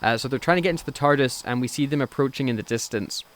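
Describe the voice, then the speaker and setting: A man's voice: medium pitch, quick pace, a bit bright. A man co-hosting a podcast review in loose, profane casual chat, often acting out lines from scenes. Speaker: podcast co-host.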